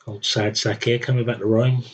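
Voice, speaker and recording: A man's voice: mid-range voice, flat delivery, normal speed, slightly rough. A man streaming a strategy game, talking to himself in a wry, rambling, self-mocking way. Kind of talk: rambling live-stream commentary.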